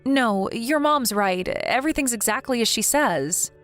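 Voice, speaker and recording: A woman's voice: on the high side, animated, measured pace, a bit bright, soft background music, pitched above the performer's own voice. A woman voicing a meek, self-loathing young wife in a text-story video, speaking timidly and apologetically.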